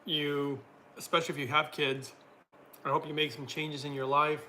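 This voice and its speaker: Reading viewers' comments aloud and answering each, a man keeps his relaxed livestream loose, chatty, and full of laughter. His pace is moderate, and his slightly high voice sounds very bright and forward. A soft room hiss sits underneath.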